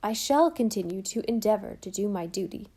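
A woman's voice: medium pitch, animated, a little fast, warm tone, breathy edge. A woman reading as a solemn, fretful housekeeper. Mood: solemn complaint. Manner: solemn, imploring, dramatic. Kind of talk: audiobook character voice.

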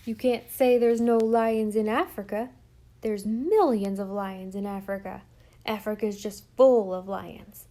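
A sulky, defiant young boy from a storybook, as a woman reading aloud puts him on. He protests indignantly in a raised, loud voice. The tone stays mellow and dark. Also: measured pace, close to an everyday voice. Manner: indignant, shouting, higher and louder.

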